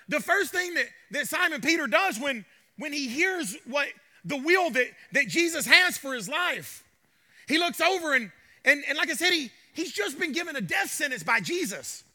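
A man preaching in a church, his voice pitched very high and ringing bright. He drives his points home with rising, emphatic shouts, then drops into joking asides with the congregation. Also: animated, moderate pace. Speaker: pastor. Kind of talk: sermon. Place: church sanctuary. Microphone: handheld mic with trouble.

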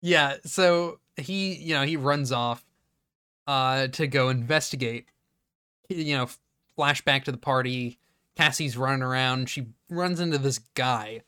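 A man co-hosting a comedy podcast who recaps a movie in casual, rambling chat and slips into quick quoted voices for its characters. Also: medium pitch, bright, forceful tone, smooth, dry recording, clean studio sound. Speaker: podcast co-host.

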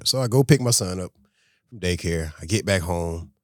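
A man, a restaurant owner and podcast guest, telling a story in a casual, animated way and acting out conversations. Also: low-pitched, moderate pace, no echo, clean studio sound.

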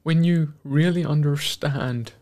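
A male host giving a devotional, sermon-style talk, earnest and emotional, with frequent pauses and restarts. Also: on the high side, a little mellow. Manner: earnest, emotional, pausing often.

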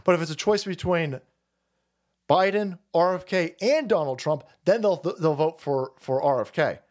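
A man's voice: on the high side, normal speed, darkish tone. A man streaming a profane political rant, repeating himself and cursing heatedly. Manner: foul-mouthed, repetitive, heated.

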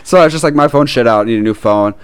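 A man with a Midwestern American accent, telling a long story as a podcast co-host in a casual chat, animated and full of swearing and laughs. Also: mid-range voice, very fast, clean tone, no echo. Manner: animated, profane ranting with frequent laughs.

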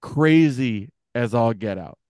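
A young man co-hosting a podcast, telling a story casually and acting out the other people's voices with big jumps in pitch. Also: takes it slowly, no echo, studio quality. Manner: animated, acts out quoted voices with pitch jumps. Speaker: podcast co-host.

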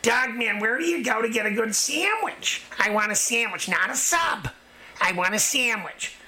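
A man's voice: very high-pitched, animated, normal speed, sharp tone, heavily acted. A man imitating a chatty American woman who insistently asks where to find a good sandwich, repeating herself. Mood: pleading.

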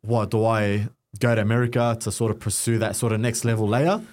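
Young Aussie guy, podcast guest, lower voice, animated storytelling. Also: a little fast. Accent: Australian. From Australia. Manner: animated storytelling with acted-out quotes. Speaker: guest content creator. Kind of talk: casual podcast conversation.

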